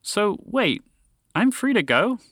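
A man's voice: sits high, big pitch swings, slow pace, a bit bright, no room sound, clean studio sound, pitched above the performer's own voice, full character voice. A man voicing a timid, bewildered male moose who speaks hesitantly and apologetically in a storybook tale. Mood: confused.

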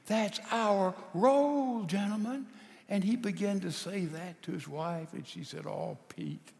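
A high-pitched male preacher delivering a sermon slowly and deliberately. He acts out a story, climbing to loud emphatic peaks and then dropping to hushed asides. A long reverb hangs on every phrase. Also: creaky. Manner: dramatic storytelling, swinging from loud emphasis to near-whispers.

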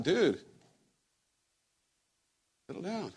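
A man preaching a sermon to his church in a relaxed, conversational way, joking with the congregation and often repeating his words. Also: medium pitch, moderate pace. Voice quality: husky. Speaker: pastor. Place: church sanctuary.

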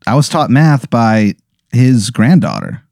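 Animated man swearing through a bit. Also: mid-range voice, a little slow, creaky, no room sound, clean studio sound. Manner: animated, swearing, laughs readily. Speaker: podcast co-host. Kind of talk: casual chat.

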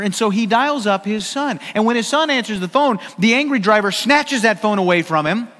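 An American pastor preaches in a high, bright-toned voice, casual and joking but emphatic. His words carry a long reverb through the church sanctuary. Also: expressive, fairly quick, hardly any pauses. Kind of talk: sermon.

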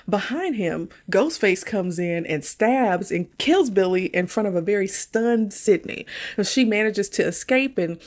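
A woman's voice: mid-range voice, measured pace, a little mellow. A woman casually recapping a horror movie plot, chatty and often laughing. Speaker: podcast host.

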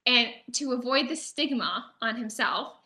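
A woman recounts a history story in conversation, with a bright and fairly high voice. She talks in an animated way and slips into the voices of the people she describes. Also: unhurried, roomy sound. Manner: animated, acts out quoted characters. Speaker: guest historian.

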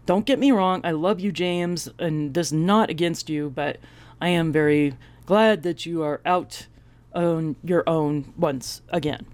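A woman in her fifties telling comic stories about her family, animated and self-mocking, her voice jumping up for the punchlines. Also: low-pitched, no room sound. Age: 50s. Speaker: vlogger. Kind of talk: comic personal storytelling.

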